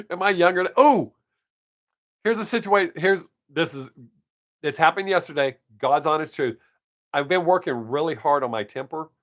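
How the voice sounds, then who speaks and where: Blunt, swearing man with a higher voice. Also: measured pace, pauses often. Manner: blunt, profane, chuckling. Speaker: live stream host. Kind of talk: casual storytelling chat.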